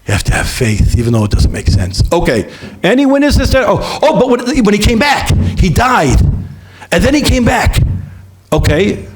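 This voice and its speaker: A man, a rabbi, talking to yeshiva students in a lively, conversational way, acting out bits of dialogue and checking in with his listeners. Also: high-pitched, moderate pace, background noise. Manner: lively, acts out dialogue in different voices. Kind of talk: animated talk to a student audience.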